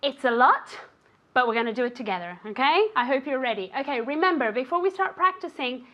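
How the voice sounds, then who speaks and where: A woman's voice: high voice, lively intonation, brisk, muffled recording. A woman teaching an English lesson on a show, encouraging a student and the viewers at home, often checking in with "okay?". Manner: encouraging, ends phrases with "okay?".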